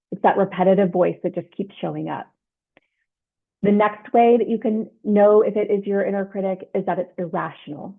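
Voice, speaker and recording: A woman coach walks listeners through a self-help lesson in a patient, explanatory way, tossing in "right?" to check they follow. Her voice sits at an ordinary middle pitch for a woman. The sound is thin and tinny, like it's coming through a phone line. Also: a little fast, vocal fry. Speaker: leadership coach. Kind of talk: instructional self-help talk.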